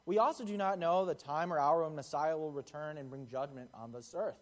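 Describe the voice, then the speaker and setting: A man's voice: on the high side, brisk. A young man giving a casual, conversational sermon, acting out the voices in the stories he tells. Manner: conversational, acts out quotes in the parable. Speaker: preacher.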